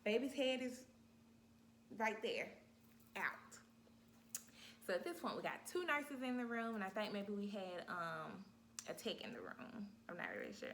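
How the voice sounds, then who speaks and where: A woman vlogger telling a story in a casual, animated way, talking straight to her viewers. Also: medium pitch, measured pace, pauses often, slight background noise. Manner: animated, talks straight to viewers, acts out her own cries.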